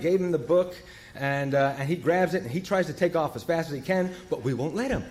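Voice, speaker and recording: A man with a somewhat high-pitched voice tells a personal story to a recovery meeting. He talks in a halting way, with fillers, restarts and corrections, and he undercuts himself with wry humor. A faint hiss sits under the recording. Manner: wry, self-deprecating humor. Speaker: guest speaker at a recovery meeting.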